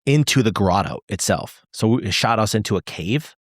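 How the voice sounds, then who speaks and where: A man at a gaming table, asking questions and checking details as he goes. His pitch swings widely and his voice is mid-range. The sound is dry and close, with no room sound. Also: normal speed, no echo. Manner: asks questions, unsure, animated. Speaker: player. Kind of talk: casual tabletop chat.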